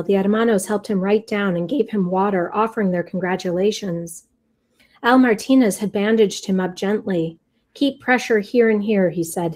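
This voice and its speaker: A woman reading aloud from her own novel, in a measured, quietly expressive way. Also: medium pitch. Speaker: author reading her fiction. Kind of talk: literary reading.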